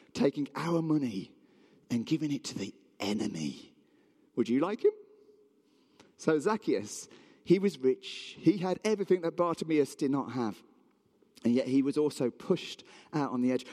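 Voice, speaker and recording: A man's voice: high voice, long reverb tail. A man telling a Bible story in a sermon, acting out the townspeople's voices. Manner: animated, acts out voices of townspeople. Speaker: preacher.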